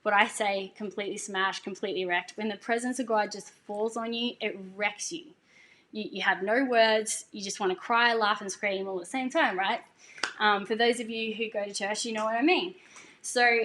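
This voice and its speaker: A woman's voice: mid-range voice, fairly bright tone, a little hiss or hum. A woman telling a personal faith story in a casual way, earnest and emotional, laughing now and then. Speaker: singer sharing a testimony.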